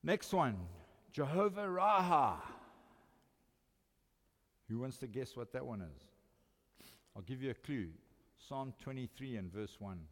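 An older man with a South African accent preaching a sermon, swinging between loud emphatic lines and quiet, intimate ones. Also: medium pitch, animated, takes it slowly, long pauses. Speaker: pastor. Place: church hall. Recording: long church reverb.

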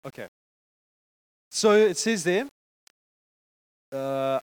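A man preaching a sermon to a congregation, conversational and animated, checking in with frequent asides to the listeners. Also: high voice, unhurried, pauses often, no room sound, low-quality recording.

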